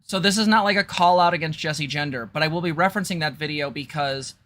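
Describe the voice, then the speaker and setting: A woman's voice: low-pitched, fast, fairly bright tone. A woman co-host talking casually in a chatty, conversational way. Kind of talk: casual commentary.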